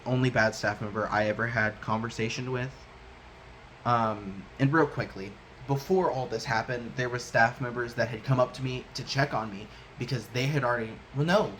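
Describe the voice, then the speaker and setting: A young man recounts a personal story in a casual, halting way, often stopping to correct himself. His voice sits at an ordinary middle pitch. Faint background noise runs under the recording. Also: a bit bright. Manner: rambling, self-correcting, halting.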